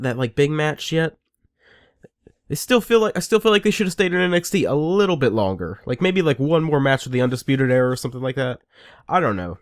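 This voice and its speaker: A man giving a casual, rambling and sarcastic review rant, full of restarts. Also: medium pitch. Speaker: wrestling reviewer.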